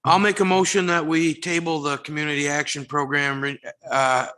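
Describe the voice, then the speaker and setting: Man, meeting chair, bright tense voice, a bit higher, brisk procedural. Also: level tone, clean tone. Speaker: board chair. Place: town meeting room.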